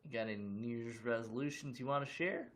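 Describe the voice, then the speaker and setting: A man's voice: mid-range voice, fairly quick, fairly bright tone. A man casually hosting a livestream from his room, chatting loosely and greeting viewers with questions. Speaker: livestream host.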